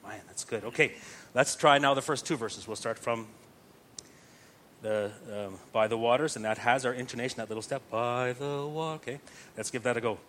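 A man's voice: mid-range voice, fairly even intonation, a little fast, fairly bright tone, slight background noise. A man teaching psalm chanting step by step, patient and explanatory, often checking that listeners follow.

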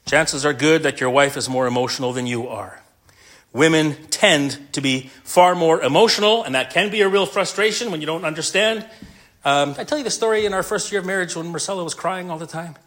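A man's voice: a little high, a little fast, fairly bright tone. A middle-aged male pastor delivering a sermon to men, earnest and mixing in a humorous personal story.

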